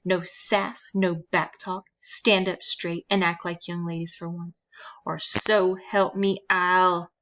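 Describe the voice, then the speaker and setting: A woman's voice: fairly low pitch, little pitch movement, slow pace, few pauses, a bit bright, lo-fi sound. A woman doing a stern, threatening old caseworker. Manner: stern and clipped, turning to a hiss. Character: mean, pinching old female caseworker, cold and threatening.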